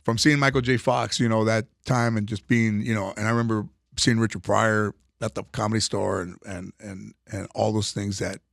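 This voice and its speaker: A comedian being interviewed, telling rambling stories full of restarts and fillers. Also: male voice, on the low side, little pitch movement, normal speed, gravelly, hardly any pauses, no room sound, studio quality. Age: older. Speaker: comedian guest. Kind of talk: casual interview storytelling.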